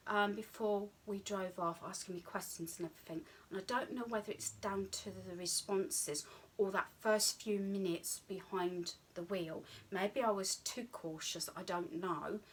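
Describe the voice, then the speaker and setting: A British vlogger in her fifties, with a mid-range, slightly breathy voice and a British English accent, tells a personal story to camera. She rambles chattily, full of ums and asides, acting out her own thoughts in quotes.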